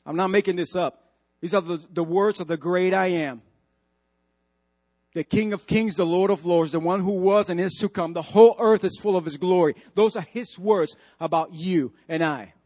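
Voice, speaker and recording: A man's voice: sits high, normal speed, a little mellow. A male pastor preaching a sermon, emphatic and repetitive, putting direct questions to the congregation in church.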